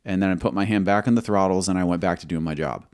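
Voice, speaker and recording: A man who served as a military pilot, telling a combat story in an interview, measured and halting, acting out quoted dialogue. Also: sits low, darkish tone, no room sound, studio quality.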